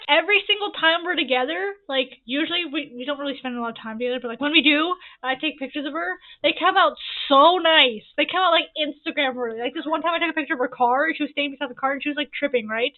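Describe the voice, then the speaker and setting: A woman in her early twenties telling rambling sibling stories over gameplay, repeating herself and adding quick asides. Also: high voice. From Canada. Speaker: gaming YouTuber. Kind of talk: casual storytime over gameplay. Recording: tinny phone-like audio.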